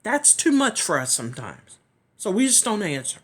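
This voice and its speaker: A woman giving a heartfelt personal testimony, earnest and reflective, often pausing and sometimes dropping to a whisper. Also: mid-range voice, very animated, slightly rough. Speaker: chronic illness vlogger.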